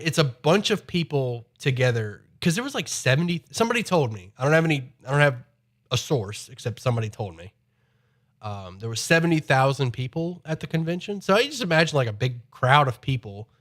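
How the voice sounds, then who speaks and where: Streaming live from home, a man rambles and chats, repeating himself as he goes. His voice is fairly high and fairly bright, with a slight nasal sound from a cold.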